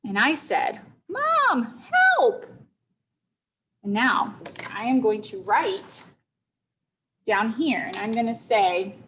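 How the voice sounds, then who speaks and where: A woman's voice: medium pitch, fairly bright tone, a little hiss or hum, rough recording. A teacher telling a young-children's story, checking in often with her listeners. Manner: slow, deliberate, checks in with listeners.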